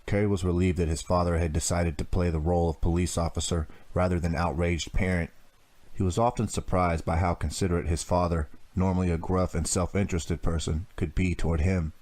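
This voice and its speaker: A man narrating a teen horror audiobook in a measured, even storytelling manner. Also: low-pitched.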